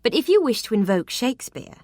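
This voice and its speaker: A woman's voice: on the high side, sing-song, brisk, a little mellow, no echo, studio quality, voice pushed up. A woman voicing a teasing, coquettish young lady. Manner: playful, coquettish, arch.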